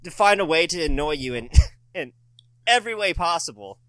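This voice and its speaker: A man's voice: on the high side, lively intonation, normal speed, sharp tone, clear, resonant tone, no echo. A man talking as a podcast guest in casual chat, ranting crudely and laughing often.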